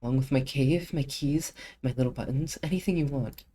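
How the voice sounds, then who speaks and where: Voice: mid-range voice, brisk, warm tone, voice pushed up, lightly acted. A streamer voicing a lonely girl who pleads and begs others to stay with her, reading game dialogue aloud. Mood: longing. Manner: begging, clingy.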